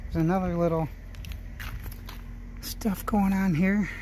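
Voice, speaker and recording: A man's voice: high voice, fairly even intonation, slow pace, mellow, slight background noise. A man hosting his own channel, chatting and musing aloud in casual commentary as he walks through an outdoor equipment auction yard. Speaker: small-engine flipping channel host.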